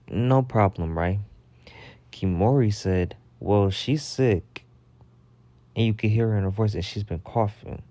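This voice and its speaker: Chatty gossiping man with a low, mellow voice. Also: dry recording. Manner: chatty, gossipy, acts out quotes with rising pitch. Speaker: storytelling vlogger. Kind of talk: casual storytime monologue.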